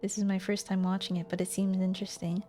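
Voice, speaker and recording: A woman's voice: medium pitch, level tone, quick pace, mellow, soft background music. A woman streamer chatting casually with her chat between visual novel lines, friendly and giggly, thanking viewers.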